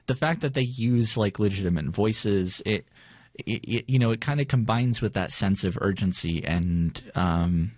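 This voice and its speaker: Rambling low-voiced man, dry sound. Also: measured pace, a little mellow, dry recording. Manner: rambling, many fillers and restarts. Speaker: podcast co-host. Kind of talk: casual chat.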